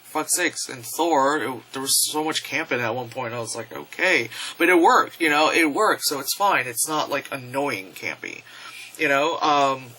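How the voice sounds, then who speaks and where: A man's voice: medium pitch, expressive, normal speed, bright, forceful tone, a little hiss or hum, low-quality recording. A young man casually reviewing movies on camera, rambling, swearing freely and using lots of fillers. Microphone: camera mic.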